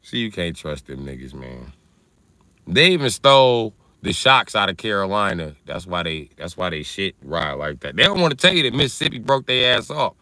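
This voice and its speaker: A man's voice: deep voice, very animated, normal speed, sharp tone, dry recording. A man hosting a livestream, riffing through a loose, profane comedic rant and answering chat. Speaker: livestream host.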